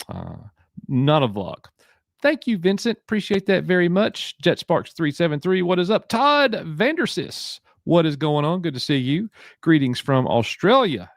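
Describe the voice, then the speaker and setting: A man's voice: mid-range voice, no echo, clean studio sound. A man from Alabama with a Southern accent, hosting a casual live stream, joking and bantering as he reads names from chat.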